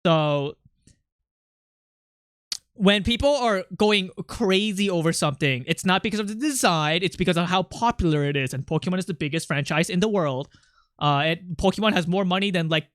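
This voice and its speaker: A livestreamer chatting casually with viewers, rambling and excitable, jumping from topic to topic. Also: medium pitch, normal speed, dry recording, clean studio sound.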